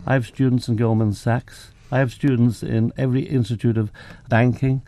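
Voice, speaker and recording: A warm, mid-range male voice with a level tone and normal speed belongs to an older English photographer and professor. Relaxed in an interview, he tells self-deprecating anecdotes and acts out what people said.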